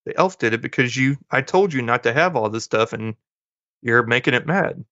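A male podcast co-host casually retells a movie plot, acting out the characters' lines in passing. His mid-range voice is bright and forceful, with lively intonation and a moderate pace, captured in a dull, lo-fi, dry recording.

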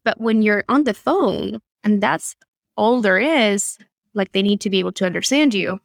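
A young adult woman from Argentina with an Argentine Spanish accent, a guest telling animated stories in an interview. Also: mid-range voice, moderate pace, creaky, dry recording, studio quality. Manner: animated storyteller, laughs often. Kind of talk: conversational interview.

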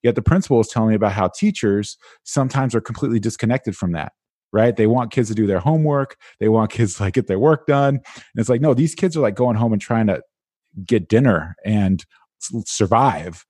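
Man, interview guest, low pitch, dry close sound, casual, animated. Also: a little fast, no echo. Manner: animated, casual, with many "like" fillers. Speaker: guest speaker and educator. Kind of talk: conversational interview.

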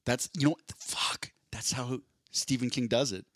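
A man co-hosting a comedy podcast, rambling through jokes and slipping into quick impressions. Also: mid-range voice, steady tone, fairly bright tone, slightly rough, no room sound, clean studio sound. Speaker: podcast co-host. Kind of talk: casual comedic chat.

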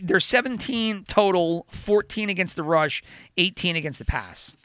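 Bright-voiced man rambling about betting lines. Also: high-pitched, lively intonation, moderate pace, smooth, no room sound. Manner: rambling, self-correcting, fillers. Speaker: podcast host. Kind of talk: casual sports betting chat.

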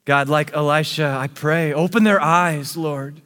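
A male pastor preaching a sermon, swinging between hushed, intimate passages and emphatic, rising declarations. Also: a little high, steady tone, measured pace. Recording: long hall reverb with faint music.

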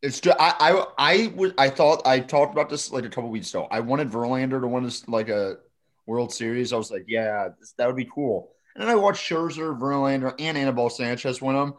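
A man with a middle-pitched voice rants on a sports podcast. He is blunt and heated, and he stumbles over his words as he restarts. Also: a little fast. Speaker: podcast co-host. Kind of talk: casual sports podcast chat.

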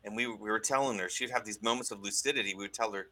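A man telling a story in casual conversation, animated, with many restarts and asides. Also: fairly low pitch, racing, hardly any pauses. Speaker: guest recounting a deliverance.

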